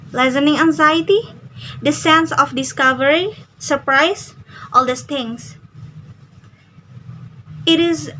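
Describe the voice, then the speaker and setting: Slow, bright-voiced young woman. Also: high-pitched, a little hiss or hum, rough recording. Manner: careful reading with small slips and restarts. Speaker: student. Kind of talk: reading an interview transcript aloud.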